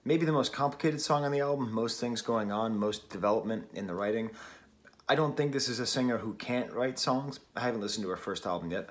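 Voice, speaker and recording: A man from New England giving a casual, wry album review at home, often laughing at himself. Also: lowish voice. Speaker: record reviewer. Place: at home, early morning. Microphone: camera mic.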